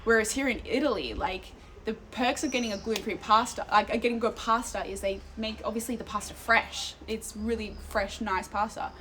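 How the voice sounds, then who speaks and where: A woman's voice: medium pitch, fairly even intonation, moderate pace, a bit bright, slight background noise. A young woman, chatting casually to her live stream chat, easily sidetracked and swearing freely, talking into a phone held out. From Australia. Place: outdoors in an Italian town, walking.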